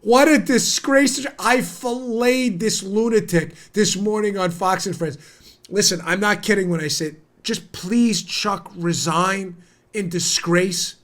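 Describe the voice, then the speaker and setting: A man's voice: high-pitched, a little slow, a bit bright. Heated, sarcastic male podcast host. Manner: heated and sarcastic, talks straight to his audience. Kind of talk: political commentary.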